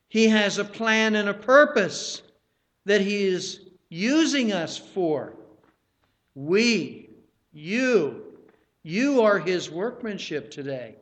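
A male pastor delivers a sermon to his congregation. His voice sits high and he preaches at an unhurried pace. He stresses key words and speaks straight to the listeners. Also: fairly bright tone.

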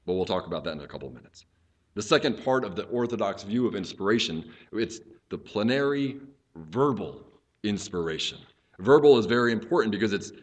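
A man preaching an expository teaching sermon as a pastor, explaining earnestly and often restarting his phrases as he thinks aloud. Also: fairly low pitch.

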